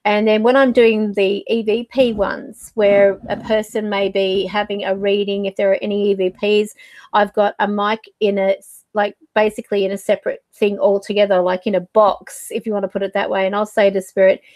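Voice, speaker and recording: A woman's voice: mid-range voice, level tone, normal speed, a little mellow, dry recording. A woman hosting her own channel, talking casually to camera as a psychic medium, rambling and searching for words with fillers. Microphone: desk mic.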